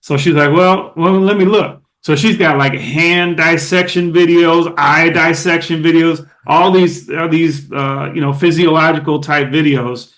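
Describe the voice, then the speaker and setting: A middle-aged man from Oakland, a former ballplayer, telling stories as a podcast guest in a lively, casual way with many fillers and restarts. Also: on the high side, a little slow, hardly any pauses. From Oakland, California. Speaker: guest, former baseball catcher. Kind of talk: casual storytelling interview.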